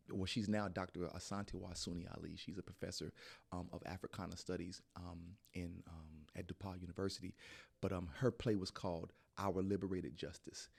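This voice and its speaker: A man, an actor and podcast guest, telling a casual story in an interview, lively and prone to restarts. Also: sits low, creaky. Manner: animated storyteller, voices other people in quotes, frequent restarts.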